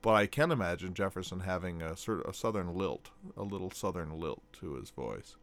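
A man's voice: deep voice, lively intonation, fairly quick. A man from North Dakota with a plain Midwestern accent, hosting a radio talk show and speaking with a slight hesitant catch in his voice. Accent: General American Midwestern.

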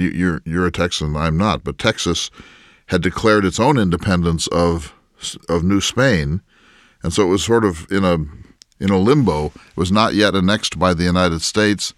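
A man playing an elderly early American ex-president, speaking in character in a measured, inquisitive way with frequent restarts, recorded in a barn. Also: low voice, fairly bright tone, dry recording, studio quality. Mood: explaining. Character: early American ex-president, elderly male statesman, curious and scholarly. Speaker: historical interpreter. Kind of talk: in-character public dialogue.

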